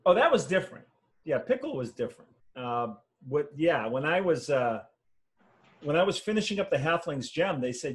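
A man, a fantasy author, telling lively anecdotes in a casual conversation over a video call, acting out the voices of people he quotes. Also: on the high side, moderate pace. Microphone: video call mic.

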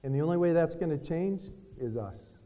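A man giving a retreat talk in a preaching style, telling lively stories and acting out what other people said. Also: on the high side, normal speed. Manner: lively storytelling that acts out other people's words. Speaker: retreat speaker. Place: hotel conference room. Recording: long reverb of a hotel meeting hall.

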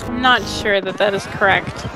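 A woman's voice: mid-range voice, moderate pace, poor audio. A woman co-hosting casual gameplay commentary, making dry teasing remarks and laughing often. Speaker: let's play co-host. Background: game music.

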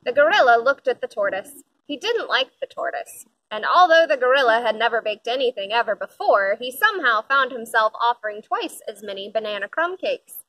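Lady reading a storybook aloud, high voice, really lively, expressive. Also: brisk, hardly any pauses, poor audio. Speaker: storybook reader. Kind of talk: children's picture book read-aloud.

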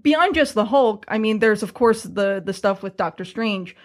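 A woman's voice: mid-range voice, expressive, normal speed. A woman co-hosting a casual movie review podcast, chatty and rambling, with many fillers. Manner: chatty, many fillers, trailing off mid-thought.

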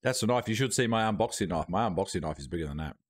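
A man's voice: low-pitched, lively intonation, racing. An Australian man hosting a casual live stream, chatting while he eats. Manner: chatty, talking while eating. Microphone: streaming mic with noise gate.

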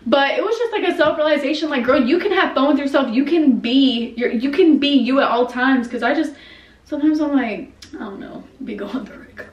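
Young female vlogger, chatty and animated, bright-ish voice, roomy echo, camera a bit far off. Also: high-pitched, a little fast, highs cut off. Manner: chatty, animated, talks to herself. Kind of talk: casual vlog chat to camera. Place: home. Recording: echoey room, camera at a distance.

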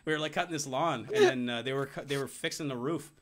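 A man's voice: fairly high pitch, sing-song, fast talker. A young man hosting a casual podcast, sarcastic, swearing a lot and playing mock-arrogant. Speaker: podcast host. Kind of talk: casual profane banter.

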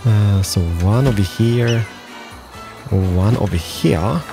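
A man's voice: on the low side, slow pace, creaky, music in the background. A man hosting a game channel who rambles playfully through casual gameplay commentary and drops mock Spanish words. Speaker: gaming channel host.

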